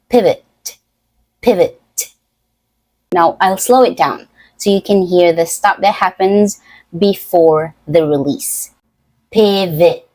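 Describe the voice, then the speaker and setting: Woman, pronunciation tutor, unhurried, low-pitched, careful enunciation, dry close sound. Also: darkish tone, no echo, poor audio. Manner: slow, careful, deliberate enunciation. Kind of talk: scripted pronunciation lesson.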